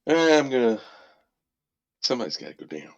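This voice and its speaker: A man's voice: mid-range voice, big pitch swings, a little fast, dull audio. A man playing a tabletop game, talking in a laid-back way. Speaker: player. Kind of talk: casual tabletop play.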